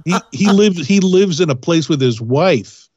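A man mocking his friends with sarcastic, deadpan jabs. His husky voice rises and falls with lively swings. The sound is dull and dry, like a lo-fi mic. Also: fairly high pitch, a little slow, no echo. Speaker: co-host of a prank call show. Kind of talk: casual crude banter.

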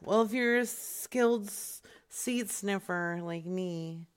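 A woman's voice: medium pitch, slow pace, smooth. A woman co-hosting a podcast, trading playful jokes in casual banter and giggling often. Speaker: podcast co-host.

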